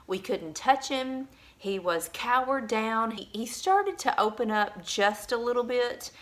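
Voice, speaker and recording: A woman's voice: mid-range voice, bright, forceful tone. A woman vlogger and mother telling viewers a heartfelt story in a casual, earnest way. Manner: earnest and emotional, addresses viewers directly.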